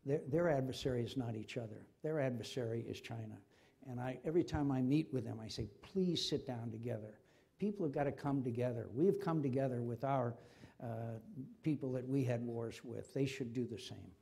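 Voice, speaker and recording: A man's voice: medium pitch, brisk, gravelly, dark tone, husky. An older man, a senator, speaking with passion in a forum conversation and repeating himself when stirred. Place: university forum hall.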